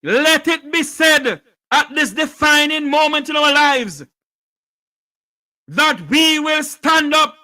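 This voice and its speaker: A Jamaican man giving an impassioned political speech, fiery and declamatory, often shouting. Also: extremely high pitch, poor audio.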